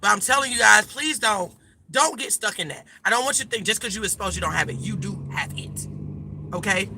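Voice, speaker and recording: Chatty woman vlogger in a car, emphatic and direct, sharp tone with vocal fry. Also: medium pitch, lively intonation, fast talker, no room sound. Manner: emphatic, chatty, addresses viewers as y'all. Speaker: life coach vlogger. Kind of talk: casual direct-to-camera chat.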